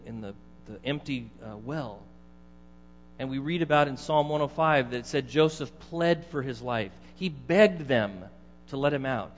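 A middle-aged male pastor preaching in a loose, conversational way and often asking his listeners questions. His voice comes through dull, with a long church-hall reverb and a faint mains hum behind it. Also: mid-range voice. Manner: conversational, asks the congregation questions. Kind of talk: sermon.

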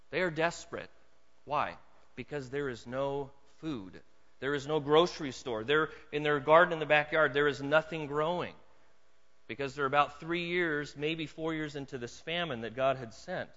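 A pastor delivers a sermon with an animated delivery. He drops to a hushed storytelling tone, then rises to loud, emphatic points. His voice carries a long reverb from the hall, and the recording sounds a little dull. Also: mid-range voice. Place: church hall.

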